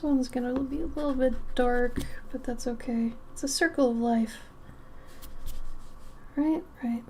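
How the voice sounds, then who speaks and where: A woman chatting casually as she draws on a live stream, thinking aloud, answering chat and sometimes dropping to a soft murmur. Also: sits high, fairly even intonation, a little slow, long pauses, a little hiss or hum. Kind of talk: casual chat while drawing.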